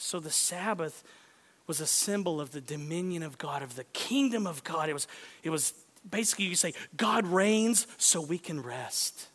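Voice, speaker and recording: A male pastor preaching a sermon, self-deprecating and conversational, dropping to hushed whispers for emphasis. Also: fairly high pitch. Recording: long hall reverb.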